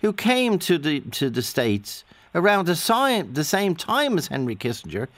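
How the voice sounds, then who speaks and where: A man hosting a radio phone-in, talking in a lively conversational way. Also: a little high, unhurried, dry recording. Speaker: radio host.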